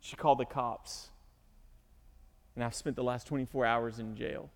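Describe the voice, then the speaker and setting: A man's voice: mid-range voice, steady tone, moderate pace, big-room sound. A man preaching a sermon as pastor, speaking earnestly and emotionally, at times rising into pleading cries.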